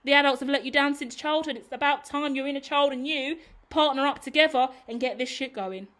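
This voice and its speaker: A woman's voice: high voice, fairly quick, fairly bright tone. A woman reading tarot to her viewers in an emphatic, sassy, blunt pep-talk manner. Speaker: tarot reader. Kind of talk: tarot reading monologue to camera.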